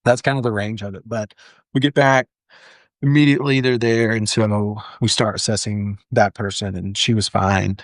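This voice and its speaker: Young adult male, lower register, dry studio sound; earnest interview guest recounting a story. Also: steady tone, normal speed, no echo. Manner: earnest, frequent "like" fillers and restarts. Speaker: firefighter guest. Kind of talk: candid storytelling in a podcast interview.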